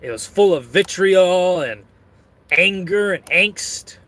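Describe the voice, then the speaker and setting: A man who eats on camera while reading out chat messages and making crude, self-mocking jokes. He talks slowly in a bright, fairly high voice. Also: expressive.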